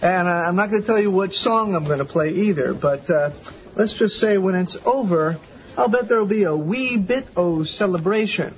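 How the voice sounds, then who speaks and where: A man's voice: sits high, animated, moderate pace. An actor playing an earnest, pushy man who pleads persistently. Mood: pleading. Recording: dull TV audio with background noise.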